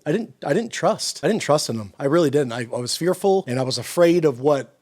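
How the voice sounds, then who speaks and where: Man, middle-aged, fairly high-pitched, sermon-style encouragement, earnest, repetitive emphasis. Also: expressive, fairly quick, a little mellow. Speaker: Christian encouragement speaker.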